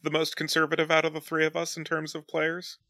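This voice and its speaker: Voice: medium pitch, monotone, fast, pushed and bright, dry recording. A mid-range voice chats on a podcast with wry, dry humor and an easy pace. The sound is dry and close to the mic. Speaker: podcast co-host. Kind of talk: casual chat.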